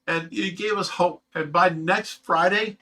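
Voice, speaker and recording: A middle-aged man recounts a hard story in a loose, rambling way, cursing often. His voice sits a little high and sounds bright and forceful. He talks casually, as if to friends. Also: fairly even intonation, a little slow, rough recording. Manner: emotional, rambling, swears freely. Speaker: fish rescue owner.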